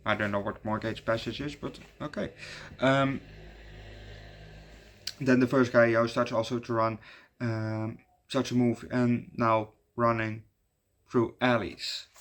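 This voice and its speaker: A man talks through a film review in a loose, offhand way, trailing off and restarting his sentences often. His voice sits at an ordinary middle pitch, and the tone stays conversational throughout. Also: little pitch movement, measured pace, pauses often, a bit bright. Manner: rambling, many fillers and restarts. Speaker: movie reviewer. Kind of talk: casual movie review.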